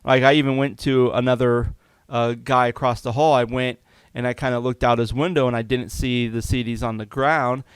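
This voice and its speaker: Smooth-voiced man telling a candid story. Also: medium pitch, fairly even intonation, moderate pace, dry recording. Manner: confessional, conversational, many fillers. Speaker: podcast host.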